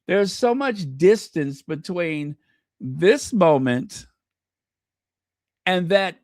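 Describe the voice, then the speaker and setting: Guy chatting to his viewers, kinda high voice, unhurried, lots of ums and second-guessing himself. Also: no room sound, clean studio sound. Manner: chatty, gushing, many fillers and self-corrections; talks directly to viewers. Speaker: royal news commentator. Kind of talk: casual video commentary.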